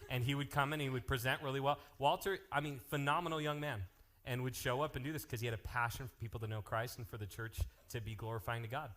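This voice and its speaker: A man working as a youth pastor, making lively, joking announcements and telling stories to a live youth group. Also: medium pitch, fast, hardly any pauses. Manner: energetic, joking, jumps between topics.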